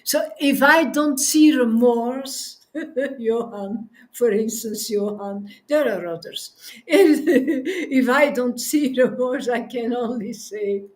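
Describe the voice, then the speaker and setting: High-voiced, slow, laughing woman teacher. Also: darkish tone. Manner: laughs often while speaking, tearful and effusive. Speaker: spiritual teacher. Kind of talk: devotional talk.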